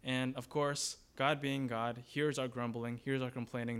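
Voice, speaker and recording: A man's voice: medium pitch, little pitch movement, measured pace, fairly bright tone, clean tone. A man preaching a sermon as pastor, in a conversational way, asking the congregation questions and briefly acting out grumbling voices.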